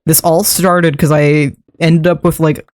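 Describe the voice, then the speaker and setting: A young adult streamer talks through a building session in a loose, rambling way, laughing often and swearing casually. The voice sits at a middling pitch. It is recorded close on a desk mic with a dry sound and no room echo. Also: flat delivery, unhurried, darkish tone. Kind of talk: casual livestream chat while building in a game.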